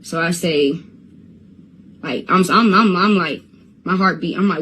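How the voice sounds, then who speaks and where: A woman's voice: fairly low pitch, a little slow, a bit bright, slight background noise. Stammering woman on a phone stream. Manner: stutters and repeats words when upset. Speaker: Instagram live streamer. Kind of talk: casual storytelling to viewers.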